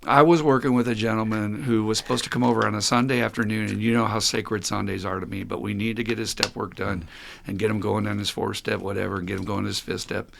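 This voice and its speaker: Gravelly blunt man talking recovery. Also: on the low side, fairly even intonation, fast talker, a bit bright, slight background noise. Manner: blunt, swears freely, tells stories. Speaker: podcast host and recovery sponsor. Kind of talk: candid podcast conversation.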